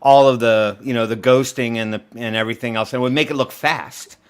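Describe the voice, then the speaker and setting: A man's voice: medium pitch, fairly even intonation, brisk, clean tone. A man co-hosting a casual podcast chat on a video call, rambling and wry, often trailing off mid-thought. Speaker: podcast co-host.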